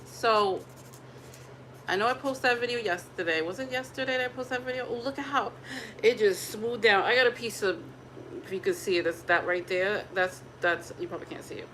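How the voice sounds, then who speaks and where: A woman's voice: mid-range voice, fairly quick, pushed and bright, slight background noise, poor audio. A young woman vlogging at home, talking casually and animatedly to her viewers and laughing now and then. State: pregnant. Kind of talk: casual chat to camera.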